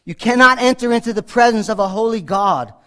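Emphatic high-voiced male preacher. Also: a little fast, clear, resonant tone. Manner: emphatic, swings between loud declarations and quiet asides. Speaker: pastor. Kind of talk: sermon.

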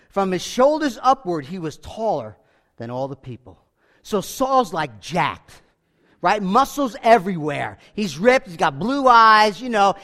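A man preaching a sermon, animated and conversational, acting out quick voices for the people in his Bible stories. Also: high-pitched. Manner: animated, acts out voices of biblical figures. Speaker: pastor.

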